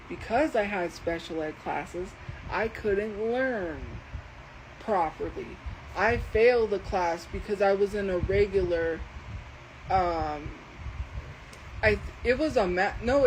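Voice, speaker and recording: A woman livestreamer talking slowly and deliberately as she defends herself against commenters in her chat. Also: medium pitch, slight background noise, poor audio. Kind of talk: live stream talking to chat.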